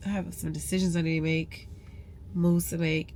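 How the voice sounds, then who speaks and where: A woman's voice: on the low side, level tone, normal speed, darkish tone. A woman chatting casually to her viewers from her car in traffic, with a stuffy nose, calling them y'all. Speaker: vlogger and realtor. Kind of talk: casual vlog chat. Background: vehicle noise.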